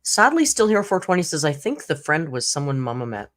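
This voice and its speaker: Low-voiced chatty woman host. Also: sing-song, a little fast. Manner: chatty storytelling, frequent laughs, acts out other people's lines. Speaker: YouTube commentary host. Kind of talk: casual live-stream chat.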